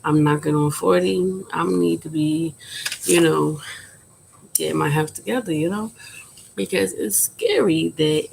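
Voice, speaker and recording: A woman in her late thirties talks candidly to her viewers, keeping her volume low and subdued. Her voice has a gravelly, creaky edge, and she rambles with lots of fillers. Faint ambient noise sits underneath. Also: measured pace. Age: 30s. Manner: quiet, subdued speaking volume; frank, rambling, with frequent fillers. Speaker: vlogger. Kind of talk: candid personal vlog talk.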